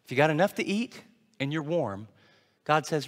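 A man's voice: fairly high pitch, expressive, moderate pace, long reverb tail. A man preaching a sermon, acting out his listeners' doubts in quoted asides. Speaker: pastor.

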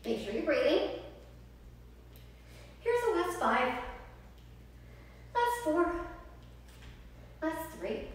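A high, bright-voiced woman guides a home yoga flow in an upbeat, chatty way, counting reps and drifting into tangents while a little winded. She is picked up from across a very echoey room, with a faint hiss under her voice. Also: sing-song, drawn-out words, long pauses, recorded from a distance. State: slightly out of breath. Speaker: yoga instructor. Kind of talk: guided home workout livestream.

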